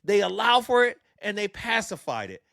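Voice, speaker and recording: An impassioned male co-host arguing his point on a podcast. His voice sits high for a man. It is recorded dry and close, with no room sound. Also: very animated, moderate pace, creaky, a bit bright, no room sound. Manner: impassioned, builds arguments with examples. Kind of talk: heated podcast discussion.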